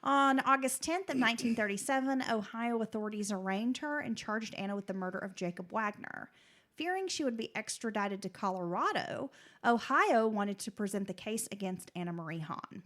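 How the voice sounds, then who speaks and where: A woman's voice: medium pitch, lively intonation, moderate pace, a bit bright. A woman co-hosting a true crime podcast, reading her script steadily and breaking into casual, chatty asides. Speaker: podcast co-host.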